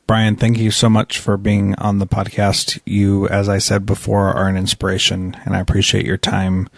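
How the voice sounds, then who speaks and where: A man hosting an interview podcast, his voice low and gravelly. He speaks in a fairly flat, even tone, friendly and encouraging. The sound is close and dry. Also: normal speed, no room sound. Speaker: podcast host.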